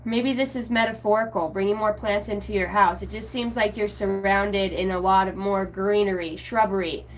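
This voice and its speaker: A woman's voice: mid-range voice, steady tone, moderate pace, hardly any pauses, slight background noise. Rambling, chatty woman giving a spiritual reading. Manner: rambling, loose and chatty, with casual swearing; self-mocking aside, often trailing off mid-thought. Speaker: spiritual reader answering viewers live. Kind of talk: casual livestream oracle reading.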